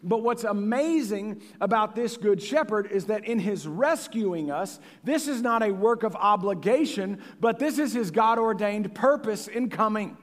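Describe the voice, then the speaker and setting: A man with a high, voice preaches with passion. His delivery swings from near-whispers to booming emphasis. Long reverb trails every phrase, as in a large hall. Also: expressive, measured pace, hardly any pauses. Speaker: pastor. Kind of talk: sermon.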